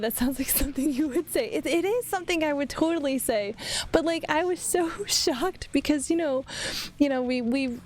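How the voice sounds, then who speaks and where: A young woman chatting casually with her stream while she draws, rambling and laughing often. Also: high voice. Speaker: vtuber art streamer. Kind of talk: casual livestream chat while drawing.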